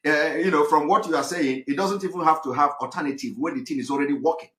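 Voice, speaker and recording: A man with a Nigerian English accent hosting a call-in show, speaking haltingly with many fillers. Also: a little high, a bit bright, echoey room. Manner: hesitant, many fillers and restarts. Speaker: host.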